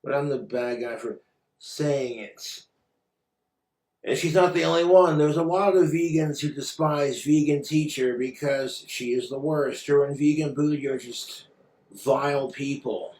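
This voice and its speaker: A man's voice: mid-range voice, a little slow, a little mellow, echoey room. A man ranting in a commentary vlog, sarcastic, exasperated and full of swearing. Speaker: commentary vlogger.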